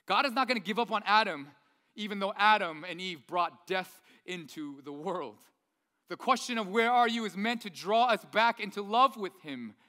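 A male pastor, around his thirties, preaching in a lively, conversational way with many rhetorical questions. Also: high-pitched. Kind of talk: sermon. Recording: long reverb of a large hall.

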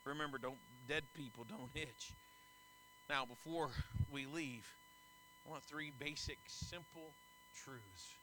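A middle-aged man preaching a sermon, emphatic and animated, with folksy asides and stories. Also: a little high, slow pace, slight background noise, rough recording. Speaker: pastor. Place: church sanctuary.

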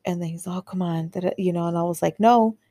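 A woman's voice: lowish voice, monotone, fast talker, mellow, no room sound. A woman hosting a podcast, telling a personal story in a candid, chatty way full of fillers and acted-out quotes. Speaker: podcast host. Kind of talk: casual storytelling monologue.

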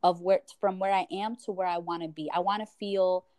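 Woman therapist guest, low voice, dry room, earnest and reflective. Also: steady tone, brisk, darkish tone, dry recording. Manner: earnest, reflective, many fillers like "you know". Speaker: psychotherapist guest. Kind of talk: casual podcast conversation.

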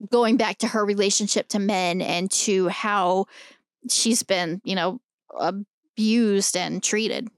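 A woman co-hosts a casual film podcast, her voice smooth and clear in a dry, close recording. She talks emphatically and swears freely as she works through her points. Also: mid-range voice, slow, dry recording. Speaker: podcast co-host.

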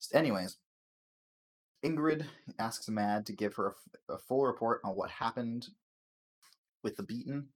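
A man hosting a casual chat, rambling and swearing through a TV episode recap, stumbling over words and laughing. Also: lowish voice.

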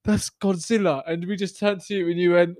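A man's voice: high voice, flat delivery, quick pace, darkish tone, no echo, clean studio sound. A young man co-hosting a podcast, bantering casually, laughing often and swearing freely. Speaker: podcast co-host.

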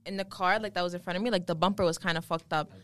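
A young woman telling a story in a casual group chat, rapid and profane. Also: lowish voice, steady tone, fairly bright tone.

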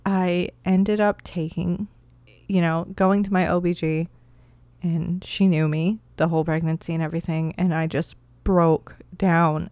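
A woman's voice: fairly low pitch, a little mellow, clear, resonant tone, no room sound. A young woman casually telling her own story as a new mother, candid and rambling, with many fillers.

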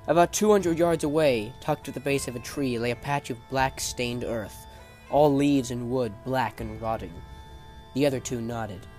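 A man narrating a fantasy novel chapter in a measured, dramatic storytelling manner. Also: mid-range voice, darkish tone. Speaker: audiobook narrator.

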